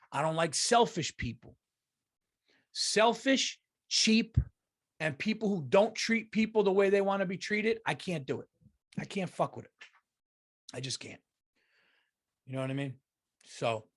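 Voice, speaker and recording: A man hosting his own podcast, talking alone from his office in a heated, profane rant. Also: mid-range voice. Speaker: podcast host and comedian.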